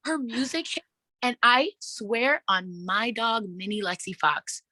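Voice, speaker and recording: Excitable swearing woman podcaster. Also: on the high side, measured pace, no room sound. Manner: excitable, swears a lot, acts out her own reactions. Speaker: podcast host. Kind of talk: casual wrestling podcast chat.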